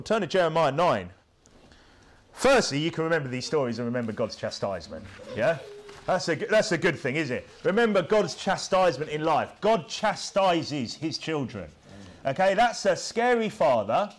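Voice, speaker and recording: A man preaching a sermon, punchy and rhetorical, who keeps checking in with the congregation through tag questions. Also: on the high side.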